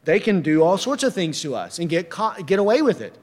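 A man's voice: high voice, sing-song, brisk, big-room sound. A man preaching a sermon emphatically, reading verses and firing rhetorical questions.

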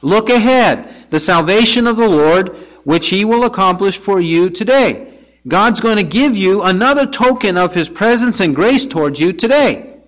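A man's voice: high voice, lively intonation, normal speed, fairly bright tone. A man preaching a sermon verse by verse, reading scripture aloud and then pressing his listeners with rhetorical questions. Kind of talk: expository sermon. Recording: dull lo-fi recording.

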